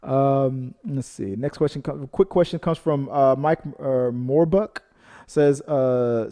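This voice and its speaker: A man's voice: medium pitch, takes it slowly, mellow. Rambling man reading viewer comments. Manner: rambling, drifts into side stories and apologizes. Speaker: co-host of a reaction channel reading viewer comments. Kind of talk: casual chat.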